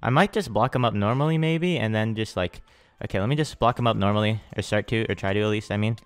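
Young dude narrating his game live, super hyped, dry close mic, clean smooth voice. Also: fairly low pitch, fast, dry recording. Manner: excitable, hypes his wins with slang. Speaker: gaming channel host. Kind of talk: live gameplay commentary.

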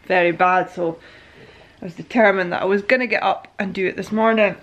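Brisk and steady in tone, a woman with a mid-range, somewhat bright voice films a casual vlog at home as a first-time mum. She chats and rambles about what she's planning for the day, wandering into baby talk, over a little hiss or hum.

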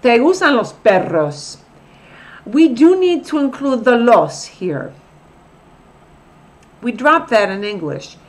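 Woman teacher, middle-aged, slow deliberate delivery, lively pitch, a bit high, repeats examples. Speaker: Spanish teacher. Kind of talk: recorded classroom lesson.

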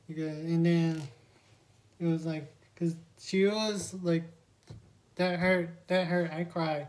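Slow-talking woman recapping a film. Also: on the low side, little pitch movement, darkish tone. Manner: rambling scene-by-scene recap with quoted lines. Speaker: movie reviewer. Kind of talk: spoiler movie review, retelling scenes.

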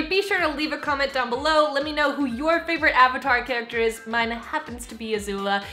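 A woman's voice: high voice, pushed and bright. A young woman in her twenties, a voice impressionist chatting casually and giggling at herself between impressions. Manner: chatty, giggly, self-deprecating. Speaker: voice impressionist vlogger. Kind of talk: casual vlog chat.

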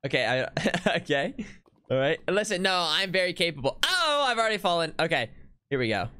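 Midwestern American man, game streamer, bright high voice that bounces around, giggly and self-mocking. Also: very animated, a little fast, clean tone. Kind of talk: casual gaming chat.

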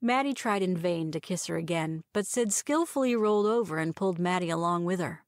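A woman reading a romantic short story aloud as narrator, in a measured storytelling manner. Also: fairly low pitch, animated, no echo, studio quality. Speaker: audiobook reader.

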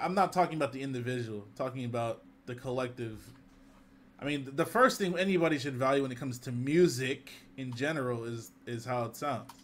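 A man's voice: mid-range voice, fairly bright tone. A man in casual chat who jokes around and laughs a lot.

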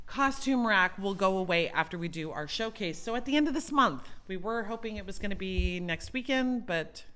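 A woman's voice: mid-range voice, animated, moderate pace, fairly bright tone, a little hiss or hum. A woman who owns a dance studio, chatting casually and upbeat to her viewers in the studio lobby. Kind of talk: casual vlog narration.

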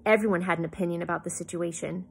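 A woman reading a novel aloud in an expressive way, with small slips and asides. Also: lowish voice, racing, vocal fry, husky. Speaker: reader.

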